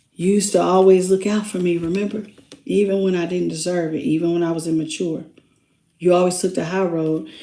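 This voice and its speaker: A woman speaking as a remorseful person in a tarot reading, talking softly and apologetically as she asks for peace. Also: on the low side, gravelly, echoey room, pitched below the performer's own voice. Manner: soft, quiet, apologetic.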